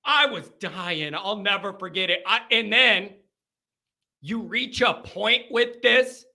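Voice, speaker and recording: A man with a very high, piercingly bright voice tells a rambling story on a live call-in show. He swings from low mutters to near-shouts and is loose and profane. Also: takes it slowly, creaky. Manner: profane, rambling with many fillers. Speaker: host telling a story.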